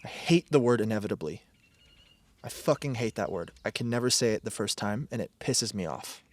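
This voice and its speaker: A podcast host with a fairly low voice, lively intonation, and a slightly fast pace speaks on his own. He rambles through digressions, swears freely, and often abandons sentences halfway to try again.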